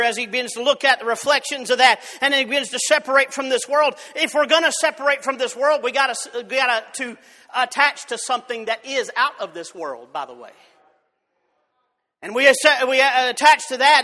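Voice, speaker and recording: A preacher delivers a fervent sermon in a very high, bright, forceful voice. He repeats words and restarts his phrases as he presses on. His voice rings out with a long reverb in a church sanctuary.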